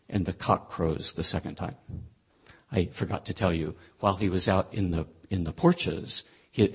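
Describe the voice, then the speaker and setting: A man with a low, husky voice teaches a Bible lesson. He talks it through conversationally, pausing and restarting as he thinks. His delivery stays plain and explanatory. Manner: thoughtful, conversational, with frequent restarts. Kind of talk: explaining a scripture passage.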